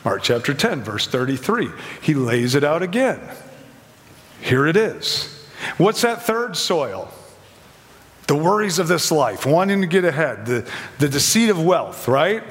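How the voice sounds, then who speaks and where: A man's voice: on the high side, sing-song, a little slow, fairly bright tone, long reverb tail. A man preaching a conversational sermon, asking his listeners questions and briefly acting out the voices of the people in his story. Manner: conversational, acts out quoted voices, asks questions.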